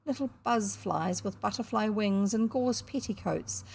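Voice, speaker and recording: Woman voicing a mischievous old hill sprite, teasing, lively, breathy, storybook reading. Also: mid-range voice, a little slow. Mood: scornful. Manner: lively, teasing, sing-song when chanting.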